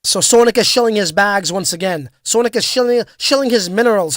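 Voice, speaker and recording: A man's voice: high-pitched, a little fast, fairly bright tone, dry recording, clean studio sound. A man hosting a crypto livestream, chatting casually and reading viewer comments in a slangy, hyped-up way with lots of fillers. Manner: casual, slangy, hype-driven with frequent fillers.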